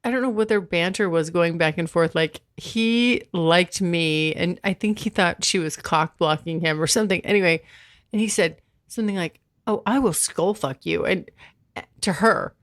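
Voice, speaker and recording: A woman's voice: fairly low pitch, normal speed, no echo, clean studio sound. A woman hosting a podcast, talking candidly in a loose, chatty way full of fillers and laughter. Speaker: podcast host. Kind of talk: candid casual chat.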